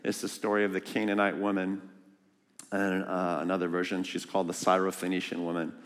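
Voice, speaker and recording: A man preaching a sermon as a guest speaker, lively and joking, asking the congregation questions. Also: sits low, fairly quick, big-room sound. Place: church sanctuary.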